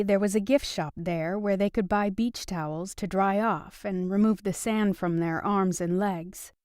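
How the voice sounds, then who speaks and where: A woman narrating a romance audiobook in an even, steady storytelling manner. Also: mid-range voice, dry recording, studio quality. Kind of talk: scripted narration.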